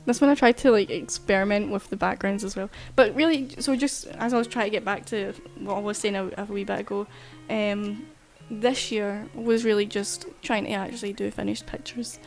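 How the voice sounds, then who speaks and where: A woman's voice: medium pitch, steady tone, normal speed, hardly any pauses, soft background music. A woman artist chatting casually while streaming, rambling and swearing freely. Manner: chatty, loose, swears casually, frequent fillers. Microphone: desk mic while streaming.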